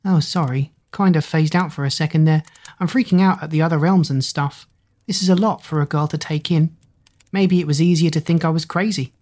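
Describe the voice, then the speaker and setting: A spirited teenage girl who asks blunt, curious questions, voiced by a woman. Her voice is low with a husky edge, as heard in a storybook reading. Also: fairly quick, darkish tone.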